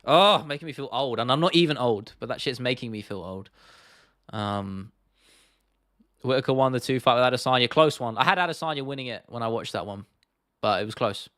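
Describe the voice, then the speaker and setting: A man's voice: mid-range voice, a little fast, fairly bright tone, no echo, studio quality. Young British man, casual swearing chat. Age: 20s. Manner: rambling, swears freely, answers viewer comments. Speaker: livestream host.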